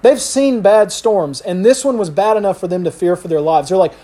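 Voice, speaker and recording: A middle-aged man preaching a sermon, telling the story with lively acted-out quotes from the people in it. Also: sits high, brisk. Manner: animated storyteller acting out quotes. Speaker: pastor.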